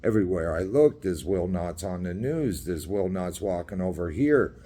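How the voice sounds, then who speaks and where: A man's voice: sits low, animated, normal speed, mellow, a little hiss or hum. A man telling a story in a casual rant, blunt, profane and repetitive. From Canada.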